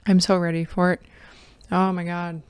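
A woman's voice: lowish voice, little pitch movement, normal speed, darkish tone, clear, resonant tone, no echo. A woman co-hosting a podcast in casual chat, rambling and trailing off mid-thought. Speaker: podcast co-host.

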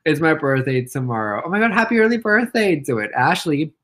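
A man's voice: a little high, very animated, a little fast, a bit bright, poor audio. Giggly young man chatting on a livestream. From Mexico. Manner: playful and giggly, with squealing baby talk to a pet. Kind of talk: casual live-stream chat reading comments.

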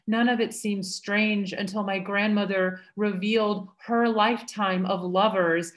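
A woman of middle pitch reads her poems in a slow, deliberate rhythm. She speaks over a video call, taking her time over each line. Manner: slow, measured reading with lively acted quotes. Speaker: poet reading her own work. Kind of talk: poetry reading.

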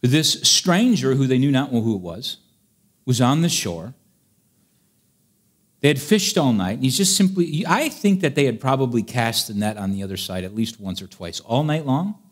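A man's voice: mid-range voice, lively intonation, moderate pace. A man preaching a sermon in a chatty, playful way, reading old-fashioned scripture and acting out the scenes.

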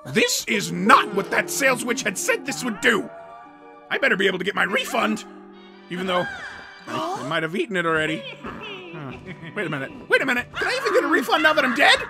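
An excitable male cartoon pencil character rambles and yelps in a fairly high, wildly swooping voice. He lurches from chatter into sudden shouts. Loud music plays under him the whole time. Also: fairly quick. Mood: frantic. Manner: exclamatory, rambling, bursts into shouts. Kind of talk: animated cartoon reaction commentary. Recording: voice over loud background music.

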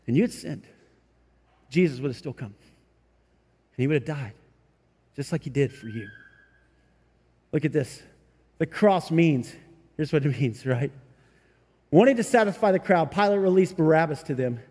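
A man's voice: a little high, darkish tone, slightly rough. A male pastor preaching a sermon in a church, talking conversationally with frequent "right?" and "you know?" tags and acting out scenes in quoted voices. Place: church sanctuary. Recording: long reverb of a large hall.

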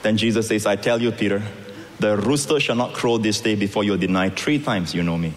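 A man preaching a sermon, acting out the scripture voices and moving between loud calls and soft, quiet lines. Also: lowish voice, brisk, in a large hall, slight background noise. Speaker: pastor.

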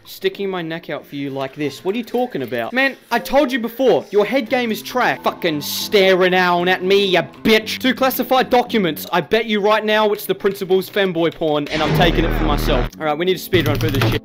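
Lively Aussie guy playing a horror game. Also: high-pitched, fairly quick, few pauses. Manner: crude, jokey, rambling, swears a lot. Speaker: gaming YouTuber.

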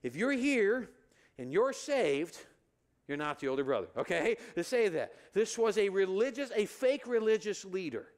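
A male pastor preaching in a church, his voice pitched high for a man and swinging widely up and down. He acts out the quoted lines and keeps the sermon lively. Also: moderate pace. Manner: animated, acts out the brothers' lines with rising pitch. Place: church sanctuary.

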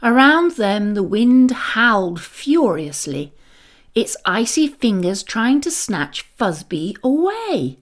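A woman narrating a children's bedtime story, gentle, expressive and soothing. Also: fairly high pitch, slow.

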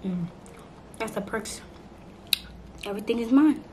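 A woman's voice: fairly high pitch, measured pace. An eighteen-year-old woman vlogging at home, chatty and playful, talking straight to her viewers. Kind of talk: casual chat to camera. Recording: noisy home recording.

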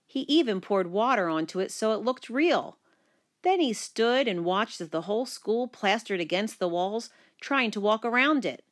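A woman reading a children's book aloud, narrating in the first person with lively expression. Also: medium pitch, moderate pace. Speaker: storyteller.

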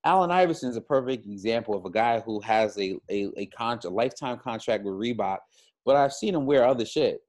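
A man's voice: medium pitch, expressive, a little fast, darkish tone. A man co-hosting a podcast, talking in loose casual chat that rambles and leans on "you know" fillers. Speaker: podcast co-host.

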